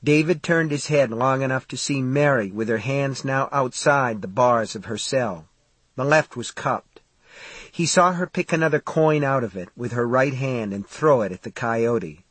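A man narrating an audiobook in a steady, measured storytelling voice. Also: medium pitch, slightly rough, dry recording.

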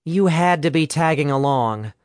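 A woman's voice: deep voice, lively intonation, moderate pace, darkish tone, dry recording, studio quality. A man voicing a tentative, wary young female student who grumbles in a storybook reading.

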